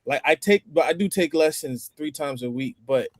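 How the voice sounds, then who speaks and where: A man chatting on a roundtable stream, his voice sitting a little higher than most men's. The sound is close and dry. He explains things at length in an easygoing way. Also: normal speed, no echo. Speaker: roundtable participant. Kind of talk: casual group chat over a stream.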